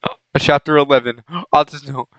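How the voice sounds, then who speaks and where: A man's voice: fairly high pitch, steady tone, normal speed, fairly bright tone, no echo, dull audio. A young man doing a comedic reading of a fanfic aloud, often laughing and breaking off to comment on the text. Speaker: reader of a fanfic.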